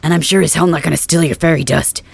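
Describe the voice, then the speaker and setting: A performer voicing a stubborn, wounded young male dragon king in an ASMR role-play, gruff and brusque, swearing through the pain. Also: mid-range voice, fairly even intonation, quick pace, dry recording, full character voice.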